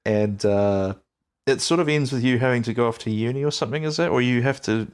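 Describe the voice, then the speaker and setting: A man's voice: mid-range voice, a little fast, clear, resonant tone. A young man hosting a podcast interview, talking in a rambling, hesitant way with many restarts. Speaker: podcast host. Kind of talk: casual interview chat.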